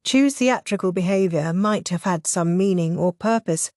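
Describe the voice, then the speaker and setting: A woman reading a novel aloud as audiobook narrator, in an even, measured way. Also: on the low side, no room sound, studio quality. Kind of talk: scripted narration.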